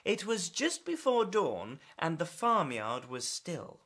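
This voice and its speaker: Slow, lively woman reading a storybook. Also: lowish voice. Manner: expressive, animated.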